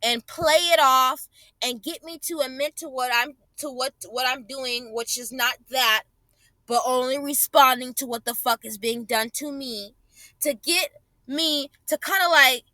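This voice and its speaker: A woman narrates her own home videos in an indignant, profane rant, circling back to the same phrases to drive a point home. Her voice sits high and bright, recorded close and dry with no room sound. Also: a little slow, no room sound. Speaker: vlogger. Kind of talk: angry commentary over clips.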